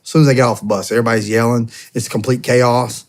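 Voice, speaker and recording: A man in his thirties tells a story as a podcast guest, at an average pitch for a man. He talks casually and puts on the voices of the people he quotes. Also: quick pace. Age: 30s. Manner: animated, acts out quoted dialogue.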